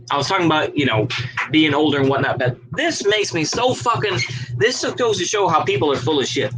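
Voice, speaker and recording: A man's voice: high voice, a bit bright, slightly rough, rough recording. A man video blogger in a casual, profane and heated rant, who stops to read articles aloud.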